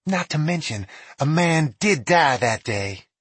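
A wry, suspicious female sheriff, voiced by a man reading aloud, with a raised, pointed delivery. Her voice sits high, with a husky grain, and the recording is close and dry. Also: lively intonation, measured pace, fairly bright tone, dry recording, exaggerated voice.

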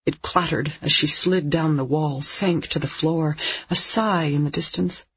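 An audiobook narrator reading a dark thriller in a measured, tense way. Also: medium pitch, steady tone, husky, no echo. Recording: dull lo-fi recording.

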